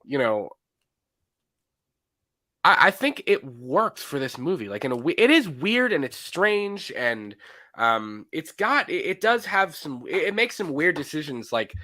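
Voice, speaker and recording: A man co-hosting a movie podcast, with a bright, forceful voice that leaps up and down in pitch. He acts out bits of scenes as he talks and laughs often. The sound is dry and close. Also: big pitch swings, measured pace, no room sound. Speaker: podcast co-host. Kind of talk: casual movie podcast chat.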